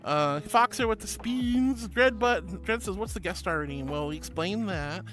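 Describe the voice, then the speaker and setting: A woman's voice: mid-range voice, expressive, moderate pace. Playful woman streamer over background music. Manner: playful, affectionate, thanks viewers warmly with pet names. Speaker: VTuber streamer. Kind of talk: casual live-stream chat, reading chat aloud.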